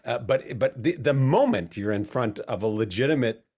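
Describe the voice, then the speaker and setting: A man hosting a conversation, asking questions in a halting, roundabout way. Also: medium pitch, expressive, darkish tone. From United States. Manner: hesitant, halting, circles around his questions. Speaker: podcast host. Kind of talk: casual interview conversation.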